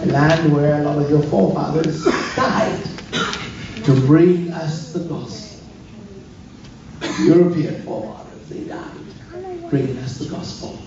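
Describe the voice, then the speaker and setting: Middle-aged man from Africa, guest preacher, high and animated voice, distant mic in a roomy, dull-sounding church hall. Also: measured pace, long pauses, a crowd in the background. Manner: animated, acting out dialogue with swooping pitch. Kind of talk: sermon storytelling.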